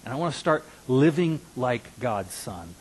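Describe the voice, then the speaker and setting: A husky, slightly breathy man in his fifties delivers a sermon as a pastor. He speaks earnestly, sinking into quiet, confiding asides and then climbing into strong, emphatic declarations. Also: mid-range voice, big pitch swings, a little slow, low-quality recording. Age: 50s.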